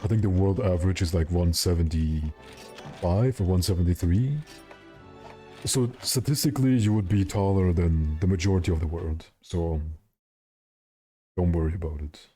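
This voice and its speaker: A man's voice: sits low, normal speed, mellow, faint music behind. A young man streaming a game, chatting casually and rambling with his viewers while he plays. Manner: rambling, joking, answers chat.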